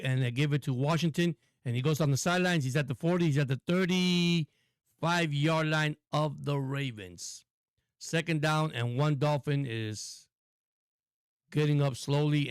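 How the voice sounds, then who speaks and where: A man hosting a live stream and calling football play-by-play in an excitable, repetitive way, often addressing viewers. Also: mid-range voice, smooth, no room sound. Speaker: host and play-by-play caller.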